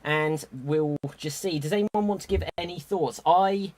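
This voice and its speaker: An upbeat man hosts a live online improv comedy show. He keeps things moving briskly and chuckles often as he hands the turn from player to player. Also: a little high, darkish tone. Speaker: host.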